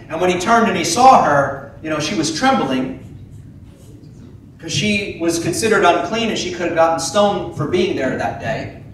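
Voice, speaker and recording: A man preaching a sermon as pastor, animated, acting out the voices of biblical figures. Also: high-pitched, normal speed, slight background noise. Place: church sanctuary. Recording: echoey church from a distant mic.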